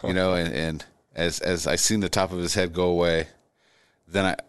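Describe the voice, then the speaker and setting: A middle-aged man, a guest, telling his own story in conversation, halting and repeating words as he goes. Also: low-pitched, little pitch movement, clean tone, dry recording.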